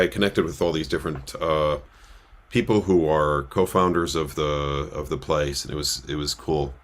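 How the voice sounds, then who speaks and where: A man's voice: extremely low pitch, fairly bright tone. A man who works as a cantor, telling a casual story in a rambling way with many filler sounds, speaking from a synagogue.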